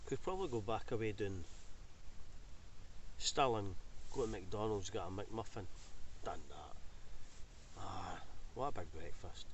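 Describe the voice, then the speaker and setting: A man's voice: fairly low pitch, unhurried. A Scottish man vlogging at a night-time wild camp outdoors, chatting casually and rambling to his viewers. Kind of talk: casual vlog chat to camera. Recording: dull, distant outdoor recording with faint noise.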